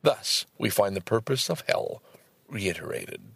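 A man reading a book aloud and commenting on it, breaking into exasperated, swearing outbursts between calm passages. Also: fairly low pitch, measured pace, gravelly, breathy edge, dry recording. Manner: swears often.

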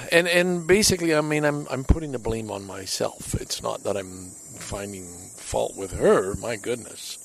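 A man speaks in a relaxed personal monologue from the deck of his home. His voice is gravelly with a noticeable fry at the bottom, and his pitch sits in an ordinary middle range. He rambles candidly and is hard on himself. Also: a little slow, a little hiss or hum, rough recording. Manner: candid, self-critical, rambling.

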